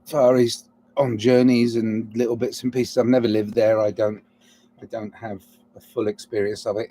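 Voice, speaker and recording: A man's voice: medium pitch, warm tone, a little hiss or hum. A man giving a rambling, reflective solo monologue, often restarting mid-thought, flaring up and then apologizing with self-mocking asides. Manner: digressive, restarts mid-thought, swings between musing and heated outbursts. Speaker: solo podcaster.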